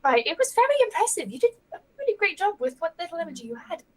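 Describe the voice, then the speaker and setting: A woman voicing a shy young female adventurer who talks softly and hesitantly, at times half-whispering. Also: very high voice, big pitch swings, very fast, pitched above the performer's own voice, low-quality recording. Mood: gentle.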